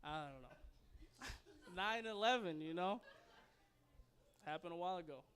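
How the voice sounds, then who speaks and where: A man's voice: high-pitched, lively intonation, measured pace, a bit bright, clear, resonant tone. A young man doing a stand-up comedy set, loose and crude, rambling and laughing at his own jokes. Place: comedy club stage.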